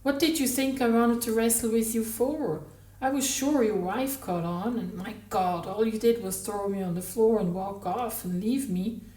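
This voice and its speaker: A woman reading a novel aloud, voicing a brash, volatile, flirtatious married woman who exclaims loudly. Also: mid-range voice, moderate pace, far from the mic, close to an everyday voice. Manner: loud, exclaiming, mercurial. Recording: roomy, from the mic.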